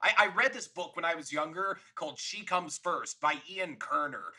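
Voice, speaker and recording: A man's voice: a little high, lively intonation, normal speed, bright, forceful tone, slight background noise. A man co-hosting a podcast, talking about a film in a rambling, enthusiastic, casual way. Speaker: podcast co-host. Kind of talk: casual movie review chat.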